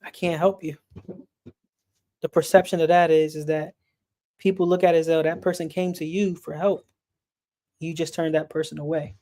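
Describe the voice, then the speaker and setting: A man speaking earnestly in a casual, personal way, his voice sitting a little higher than most men's. His delivery stays level and unvaried, and he often repeats a word or two as he searches for what to say next. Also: flat delivery, brisk, warm tone. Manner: earnest, repeats words while searching for them. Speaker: speaker on a sports and mental health stream.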